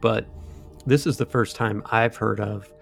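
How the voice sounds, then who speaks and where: A man's voice: fairly low pitch, fairly even intonation, unhurried, gravelly, faint music behind. A man co-hosting a podcast, retelling a ghost story in a loose, rambling way with asides and fillers. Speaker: podcast co-host.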